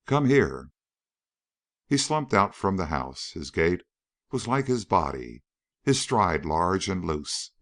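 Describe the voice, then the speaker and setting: A man narrating an audiobook in a measured storytelling manner. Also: low voice, big pitch swings, fairly bright tone. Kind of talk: scripted narration.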